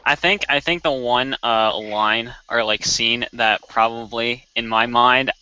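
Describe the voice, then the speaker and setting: Bright-voiced guest, dry close sound. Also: medium pitch, steady tone, measured pace, smooth, no room sound, dull audio. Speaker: podcast guest. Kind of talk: casual group chat.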